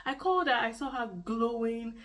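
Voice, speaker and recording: A woman with a Nigerian accent tells her own story to the camera in earnest. She repeats key phrases to stress them. Her voice sits somewhat high, and she is a little way back from the microphone. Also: moderate pace, a bit bright, far from the mic, rough recording. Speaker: vlogger. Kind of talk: personal storytelling vlog.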